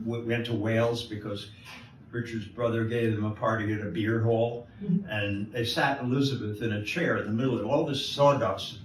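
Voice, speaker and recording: An older American man tells stories to a live audience, restarting his sentences and chuckling as he goes. His voice is mid-pitched and sits a little away from the mic. The room has a noticeable echo, with faint chatter around it. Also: slight background noise. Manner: rambling storyteller with many restarts and laughs. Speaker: guest jeweler. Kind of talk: telling anecdotes on stage. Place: live event before an audience. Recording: distant echoey room mic, live event.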